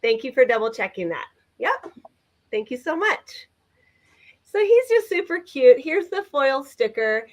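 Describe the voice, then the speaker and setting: A woman's voice: high voice, sing-song, a little slow, pauses often. A woman co-hosting a live vintage sale, chatting enthusiastically as she describes items. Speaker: vintage seller co-host.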